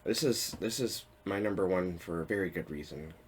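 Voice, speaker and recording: A man's voice: low voice, moderate pace, a little hiss or hum. A man in his thirties chatting casually to camera about his reading habits, rambling and correcting himself with small chuckles. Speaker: book vlogger. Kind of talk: casual talking-head vlog.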